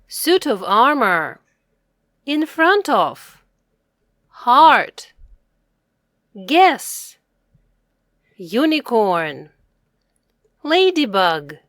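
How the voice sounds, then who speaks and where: A woman giving an English reading lesson to a child, saying words slowly and clearly and repeating them for the learner. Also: mid-range voice, a bit bright, dry recording, clean studio sound.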